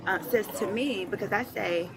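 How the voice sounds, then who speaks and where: Woman, mid-pitched, animated storytelling, recounting to police, body camera audio, busy crowd around. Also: moderate pace, low-quality recording. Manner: animated storytelling, quoting others. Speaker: airline passenger. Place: airport gate area. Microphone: officer's body camera.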